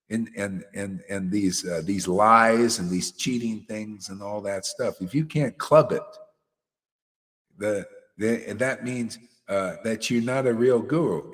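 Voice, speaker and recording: A man's voice: on the low side, long reverb tail. A man giving a devotional sermon as a spiritual teacher, preaching bluntly and emphatically with mocking asides.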